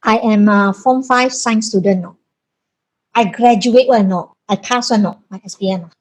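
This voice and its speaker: A woman with a Malaysian English accent, a breastfeeding consultant telling her own story to camera, animated and chatty. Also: mid-range voice, normal speed, poor audio. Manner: animated, acts out voices, chatty fillers like "ah" and "lah".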